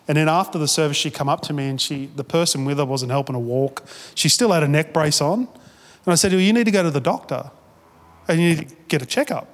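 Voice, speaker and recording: A man's voice: on the high side, quick pace, in a large hall. A man preaching a sermon as a pastor, telling stories in a casual, chatty way with restarts and quoted asides. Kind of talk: sermon storytelling.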